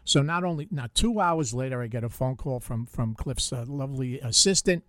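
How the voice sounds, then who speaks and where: This older radio host, speaking with a Bronx New York accent, trades jokes and stories with easy laughs in the studio. His mid-range voice has lively intonation at a moderate pace and a slightly bright tone. The recording is dry and studio quality.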